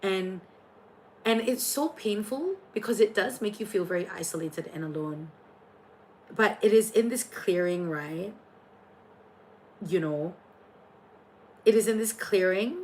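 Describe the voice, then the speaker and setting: This tarot reader streams casually from her bedroom, a young woman from Singapore with the accent to match. She sounds fairly low-pitched, and her talk is effusive and chatty, packed with fillers and false starts.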